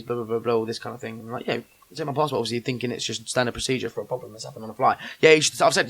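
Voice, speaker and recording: A young man rattles through an anecdote at a fast clip. He swears freely and acts out the other people's lines with plenty of energy. It is casual podcast storytelling at a middle pitch. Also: fairly bright tone. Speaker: podcast guest telling a story.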